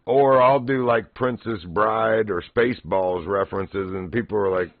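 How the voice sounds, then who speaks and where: A man's voice: fairly low pitch, fairly even intonation, normal speed, vocal fry, dry recording. A middle-aged man streaming a fishing game, telling stories in easy casual chat and laughing often. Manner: laughs often, easygoing storytelling. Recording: muffled lo-fi stream audio.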